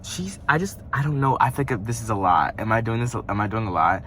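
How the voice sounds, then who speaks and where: A young man chats through a food review in his car, rambling and joking with plenty of asides. His voice is bright and forceful, sitting a little low for a man. Faint car and road sounds hum behind him. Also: animated, a little fast. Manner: chatty, rambling, playful asides. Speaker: vlogger. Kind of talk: casual mukbang food review. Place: parked car.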